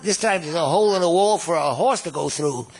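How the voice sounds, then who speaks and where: A gravelly-voiced guest musician in his nineties rambles through old stories, often repeating words and chuckling at his own tales. His pitch runs fairly high and he talks fairly quickly.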